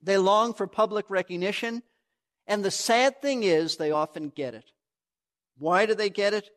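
A man's voice: high voice, normal speed, a bit bright. A pastor preaching a sermon to his church, earnest and emphatic, often restarting a phrase as he teaches.

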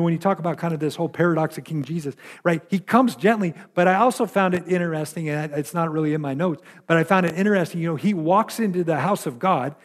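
High-voiced man preaching conversationally. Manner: conversational preaching with frequent "right?" asides and rising emphasis. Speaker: pastor. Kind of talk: sermon.

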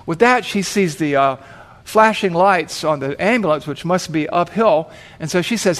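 A man's voice: a little high, animated, moderate pace, a bit bright. A man preaching, telling a vivid story and acting out the voices of the people in it. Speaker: pastor. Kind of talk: sermon storytelling.

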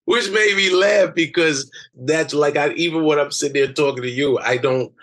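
A middle-aged man, an excitable interview guest who talks in quick restarts and slips into impressions of other voices. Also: on the high side.

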